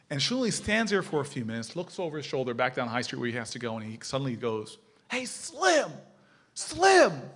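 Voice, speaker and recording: Man, panel speaker, animated storytelling, mid-pitched voice, acts out shouts. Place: lecture hall with audience.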